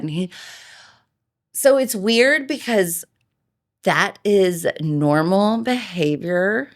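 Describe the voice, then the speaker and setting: Lively, laughing woman podcast host. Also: mid-range voice, drawn-out words, long pauses. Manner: animated storytelling, frequent laughter. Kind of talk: casual chat.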